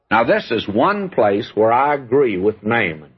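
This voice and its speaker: An older male preacher delivers a sermon in a folksy, earnest manner, leaning in to address his listeners as friend. His voice is husky and sits at an ordinary pitch. The recording is dull and lo-fi. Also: sing-song, measured pace.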